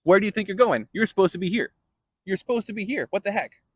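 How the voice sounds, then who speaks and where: A man doing a baffled, scolding deity, higher and louder than his own voice, brief dramatic aside. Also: animated, fast, breathy edge, no echo. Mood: exasperated. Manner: incredulous, scolding questions. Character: exasperated God searching for a missing man.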